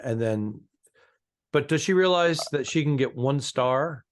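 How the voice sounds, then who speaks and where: A man with a mid-range voice chats casually as a comedy podcast co-host. He breaks in with wry comments and deadpan jokes while his partner tells a story. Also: mid-range voice, unhurried. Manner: wry interjections and dry jokes.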